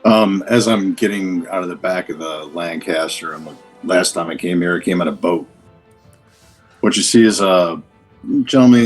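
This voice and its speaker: A man playing in a tabletop game, describing his character in a hesitant, loose way. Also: sits low. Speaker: player.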